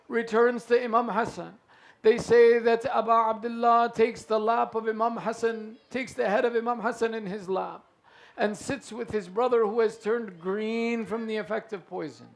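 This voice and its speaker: A male preacher telling a mournful story in a sermon, slow and dramatic, with pauses. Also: high-pitched.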